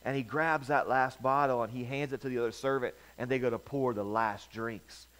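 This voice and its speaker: A man's voice: medium pitch, steady tone, fairly quick, rough recording. Storytelling male pastor with a mid voice. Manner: storytelling, swings between loud bursts and quiet asides. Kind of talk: sermon.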